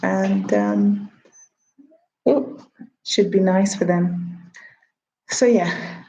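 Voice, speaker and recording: A woman's voice: medium pitch, extremely slow, creaky, warm tone, highs cut off. A woman in her thirties, a TV producer, chatting casually on a livestream, answering her own questions and greeting viewers. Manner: chatty, talks to herself and viewers.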